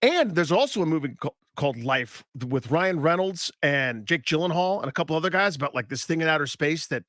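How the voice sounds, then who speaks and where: A man's voice: fairly high pitch, animated, fairly quick, few pauses, fairly bright tone, dry recording, studio quality. A man co-hosting sports talk radio, ranting in a heated, mock-dramatic way.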